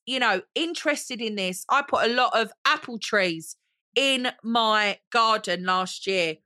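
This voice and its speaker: A woman talks straight into a close mic, gushing and theatrical as she hosts her solo podcast. Her voice is bright and forceful, and the recording is dry. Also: medium pitch, no room sound. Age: 40s. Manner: gushing, theatrical, calls listeners honey. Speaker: podcast host. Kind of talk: chatty solo podcast monologue.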